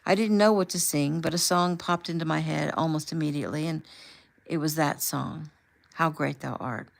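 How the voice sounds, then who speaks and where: A woman voicing an emotional young man who tells his story haltingly. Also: sits low, vocal fry. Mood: earnest. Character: young man, emotional, recalling a hard time.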